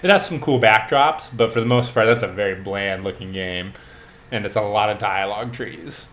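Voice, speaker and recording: A man co-hosting a podcast in casual chat, relaxed and rambling, with many fillers. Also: fairly low pitch, normal speed, echoey room. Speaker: podcast co-host.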